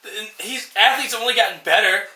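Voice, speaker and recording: Young male co-host, sarcastic profane ranter, sharp high voice, roomy sound. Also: fast. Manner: sarcastic, profane, acts out movie lines. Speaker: podcast co-host. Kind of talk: casual ranting chat.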